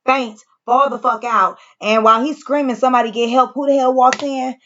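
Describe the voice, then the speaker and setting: A woman's voice: high voice, fairly even intonation, moderate pace, fairly bright tone, dull audio. A woman casually recapping and reacting to a TV episode, chatty and slangy, talking straight to her viewers. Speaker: show reviewer.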